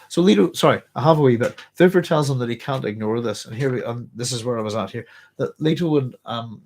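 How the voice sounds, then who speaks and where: A man hosting a live book club, chatting through a novel and readers' comments in a thoughtful, rambling way with many pauses and restarts. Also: mid-range voice, a little mellow. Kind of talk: casual live book discussion, reading aloud and chatting.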